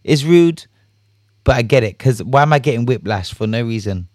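A man in the middle of his voice range talks casually on his own show, lively and loose, swearing and laughing as he acts out reactions. His voice sits close and dry, with no room sound around it. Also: mid-range voice, moderate pace, dry recording. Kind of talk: casual solo chat.

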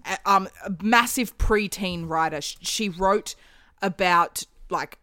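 A woman's voice: medium pitch, slow, sharp tone, no room sound, clean studio sound. A woman, chatting casually as a podcast co-host and telling stories with the odd curse word. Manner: chatty storyteller, swears casually. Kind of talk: casual chat.

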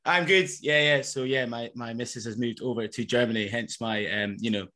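A man's voice: medium pitch, fairly quick, bright, forceful tone. A man hosting a football podcast, chatting in a jokey, upbeat way. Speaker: podcast host. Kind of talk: casual chat.

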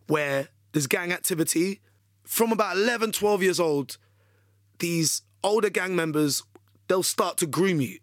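A man tells a story as a guest on an interview. His voice sits a little high for a man and has a gravelly, fry-laced edge. He talks in an animated, chatty way, full of fillers, and the sound is dry and close. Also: brisk, no echo. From London. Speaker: radio DJ guest.

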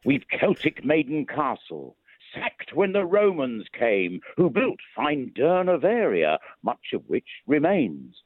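A man's voice: fairly high pitch, huge pitch swings, dry recording. Man declaiming verse as town crier. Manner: slow, drawn-out ceremonial delivery. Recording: tinny phone-line audio.

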